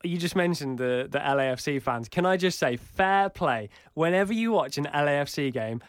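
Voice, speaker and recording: British male co-host, animated and playful, light higher voice, dry close recording. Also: normal speed, clear, resonant tone, no room sound. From United Kingdom. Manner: animated, jokey, sings chants. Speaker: podcast co-host. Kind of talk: casual sports chat.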